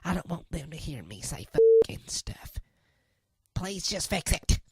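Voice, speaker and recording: A woman doing a husky, flustered church lady. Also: lowish voice, wildly swooping pitch, measured pace, mellow, no room sound, studio quality, exaggerated voice. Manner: fumbling, swears then apologizes, scolding. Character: flustered pious church lady, middle-aged, easily riled. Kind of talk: comedy sketch monologue.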